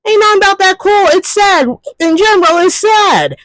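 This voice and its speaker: A man's voice: very high voice, normal speed, a bit bright, dry recording, low-quality recording. A man ranting in a profane, exasperated movie commentary, firing off rhetorical questions. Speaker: commentary youtuber.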